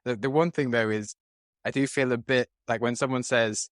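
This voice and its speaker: A man's voice: mid-range voice, fairly even intonation, moderate pace, no echo, studio quality. A British man hosting a podcast interview, chatty and self-deprecating, hesitant with many fillers.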